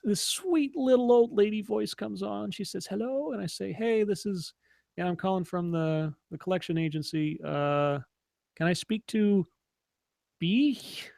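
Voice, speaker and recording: A man's voice: medium pitch, a little mellow, dry recording. A man co-hosting a casual online chat, telling long stories with many fillers and restarts. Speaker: podcast co-host.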